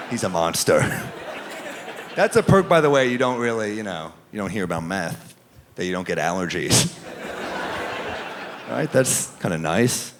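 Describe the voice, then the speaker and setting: A man performing a stand-up comedy set in a club, with a wry, deadpan delivery and quoted asides. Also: mid-range voice, moderate pace, pauses often, noisy background. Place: comedy club stage with laughing audience. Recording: live club recording with audible crowd.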